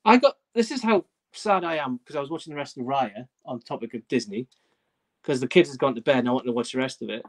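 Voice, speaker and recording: A man's voice: medium pitch, lively intonation, fast. A middle-aged man hosting a casual live-stream chat, telling stories in a chatty, self-mocking way. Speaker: host.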